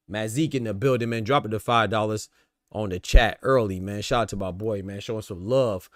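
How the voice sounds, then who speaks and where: Laid-back low-voiced podcast host man. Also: fast talker, no echo, clean studio sound. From American South. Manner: laid-back, slangy, repeats "man" and "you know what I'm saying". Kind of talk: casual boxing podcast talk.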